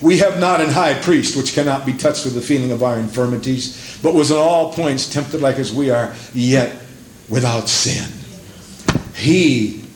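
A man preaching a sermon from the pulpit, moving between low, measured passages and high, fervent stretches, and reading scripture in old-fashioned English. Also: roomy sound, slight background noise. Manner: reads scripture in King James English. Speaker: pastor. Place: church sanctuary.

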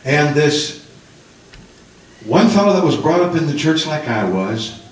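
Older male preacher, slightly high voice, emotional testimony style, distant mic, heavy room echo. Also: sing-song, measured pace. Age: 60s. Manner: emotional storytelling, rising to pleading highs. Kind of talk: sermon testimony.

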